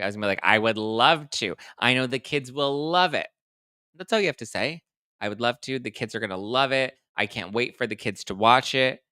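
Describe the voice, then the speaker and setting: A man in his thirties hosting a casual livestream, chatting quickly and reading viewer comments aloud. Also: medium pitch, clear, resonant tone, no room sound, clean studio sound. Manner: chatty, animated, reads live chat aloud. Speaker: host.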